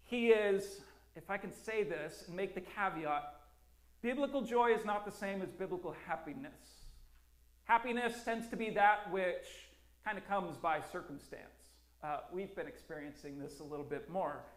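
A man preaching a sermon as a pastor, earnest and emphatic, with slow, deliberate phrasing and repeated lines. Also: high-pitched. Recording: roomy echo.

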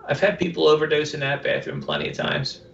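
A man's voice: a little high, huge pitch swings, fast talker, vocal fry, a bit bright. A man joking and teasing in casual podcast chat. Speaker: podcast co-host. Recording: roomy, distant, lo-fi sound.

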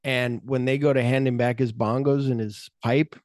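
A man chats through a movie on a podcast, tone dark and mellow. He keeps acting out characters' lines in quick, offhand impressions. The sound is dry and close, with no room echo. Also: mid-range voice, fairly even intonation. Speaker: podcast host. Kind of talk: casual movie discussion podcast.

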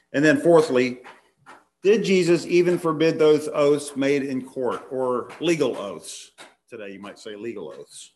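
Man, preacher, sermon, reads scripture aloud, numbered points, mid pitch. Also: measured pace, a little mellow.

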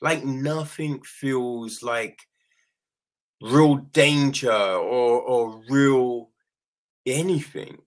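A man giving a casual spoken film critique, animated, often tossing in "right?" and acting out quick quoted lines, with some swearing. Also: mid-range voice. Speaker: film reviewer.

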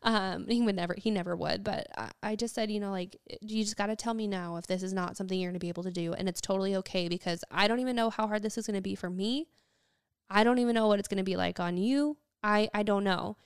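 A woman's voice: medium pitch, quick pace, smooth, dry recording, studio quality. A young woman in casual conversation, telling a long personal story in a chatty way, acting out what people said, with lots of "like" and "um". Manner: chatty storytelling, quotes people, many fillers.

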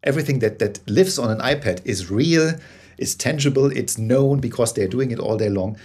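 Husky man explaining with tag questions. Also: mid-range voice, moderate pace, a little mellow. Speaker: guest storyteller. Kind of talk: interview conversation.

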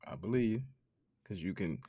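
Young dude, low voice, dry mic, swears and laughs a lot telling stories. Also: male voice, moderate pace, no echo, lo-fi sound. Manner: animated, profane, laughing storytelling. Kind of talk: casual storytelling chat.

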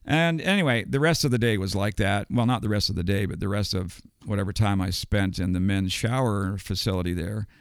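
A man's voice: lowish voice, fairly quick, hardly any pauses, no room sound, clean studio sound. An older man, a guest and retired educator, telling a story casually with many ums and restarts. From United States.

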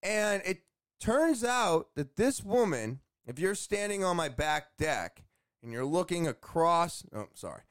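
Man, high voice, casual vlog storyteller, animated and exasperated, cursing freely. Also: unhurried. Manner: animated, exasperated, swears often. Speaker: vlogger telling a story. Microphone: camera facing speaker.

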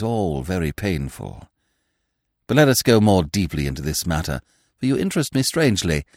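A man playing a suave, long-winded young gentleman. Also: sits low, no echo, studio quality, heavily acted. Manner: florid, languid, ironic.

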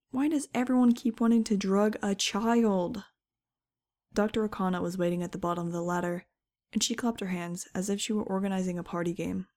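A woman's voice: fairly low pitch, fairly even intonation, moderate pace, a little mellow. A woman reading an audiobook in a wry, conversational first-person narration.

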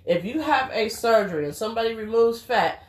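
A woman's voice: fairly high pitch, animated, a little fast. Blunt, preachy woman in an echoey room. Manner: blunt, preachy, swears casually. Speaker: podcast co-host. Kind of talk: casual chat.

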